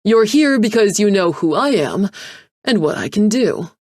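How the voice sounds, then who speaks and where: A woman voicing an arrogant, impatient male tech mogul who talks loud and dismissive. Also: medium pitch, sing-song, unhurried, no echo, studio quality, voice pushed up. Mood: showy.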